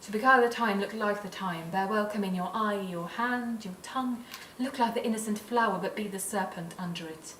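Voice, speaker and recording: A young woman reciting a scheming, commanding noblewoman in a measured, intense voice. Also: mid-range voice, fairly bright tone, echoey room, far from the mic, slight background noise, natural voice, low-quality recording. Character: scheming noblewoman Lady Macbeth, cold and commanding. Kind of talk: dramatic Shakespeare recitation.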